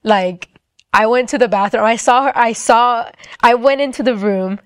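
A woman's voice: a little high, normal speed, clean tone, dry recording, clean studio sound. A young woman telling a personal testimony in a casual way, with lots of "like" fillers. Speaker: storyteller.

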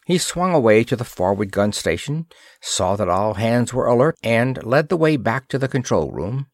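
A man reading a pulp science-fiction story aloud as narrator, in a steady storytelling manner. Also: mid-range voice, normal speed, no room sound, studio quality.

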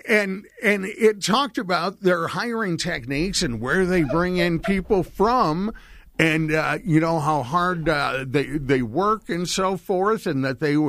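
A man's voice: high-pitched, expressive, slow, fairly bright tone. A man telling a long, rambling personal travel story in casual chat, with lots of restarts.

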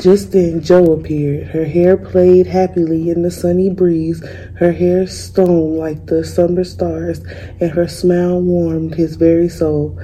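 A young woman reads a children's picture book aloud, calm and measured. Her voice is low-pitched, soft and mellow. A faint hum of noise sits behind her. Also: rough recording. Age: young adult. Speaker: student reader.

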